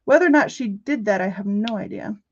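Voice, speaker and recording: A woman's voice: mid-range voice, very animated, a little fast, husky, dull audio. A woman hosting a casual crafting livestream from her home in the country, chatty and jokey with her viewers, often breaking into giggles. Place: rural home.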